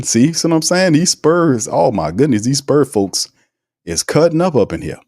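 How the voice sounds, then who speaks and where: A man's voice: mid-range voice, animated, moderate pace, darkish tone, no echo, clean studio sound. A man hosting a casual sports podcast, talking in an emphatic, slangy, teasing way and reading out live chat comments. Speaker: podcast host.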